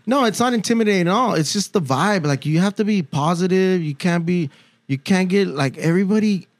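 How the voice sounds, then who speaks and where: A man's voice: high-pitched, fairly quick, no room sound. A man from San Diego in casual chat, rambling with many "like" fillers and restarts.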